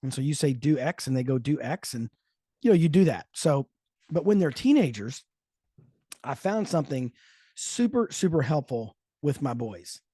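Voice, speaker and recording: A man hosting a faith-based parenting talk show, telling stories in a thoughtful, animated way. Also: mid-range voice, normal speed, breathy edge, no echo. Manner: thoughtful, storytelling, lively emphasis. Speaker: podcast host. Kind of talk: casual chat.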